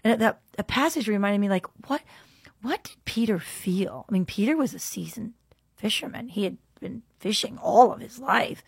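A woman's voice: mid-range voice, normal speed, creaky, husky, dry recording, studio quality. A woman hosting a faith podcast, reading scripture and musing in an earnest way, at times dropping into a whisper. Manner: earnest, musing aloud, shifts into soft whispers. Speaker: podcast host.

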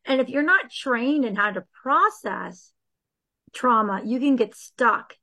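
A woman with a slightly higher voice speaks as a guest in a faith conversation about healing. She talks earnestly and with animation, often acting out the prayers she quotes. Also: animated, slow, pushed and bright.

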